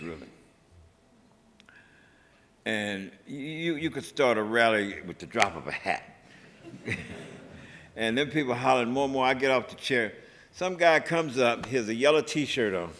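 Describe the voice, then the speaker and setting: An older man telling a story from his past, lively and chuckling, acting out shouts and voices. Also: medium pitch. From United States. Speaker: activist recounting history. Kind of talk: animated storytelling talk. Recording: echoey hall.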